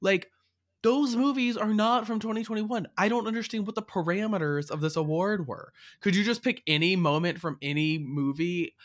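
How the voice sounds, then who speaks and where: A woman's voice: mid-range voice, moderate pace. A woman co-hosting a casual podcast chat, sarcastic, swearing freely and laughing often. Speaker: podcast co-host.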